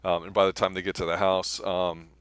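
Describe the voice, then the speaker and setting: Casual movie review co-host, male, deep voice, dry close sound, rambling and enthusiastic. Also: level tone, brisk, fairly bright tone, clear, resonant tone, no echo. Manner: rambling, enthusiastic, filler-heavy.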